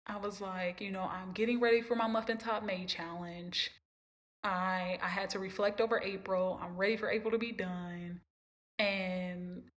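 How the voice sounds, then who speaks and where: This podcast host shares her own life in a personal motivational talk, speaking emphatically and repetitively while urging listeners on. Her voice is medium-pitched with a fairly bright tone.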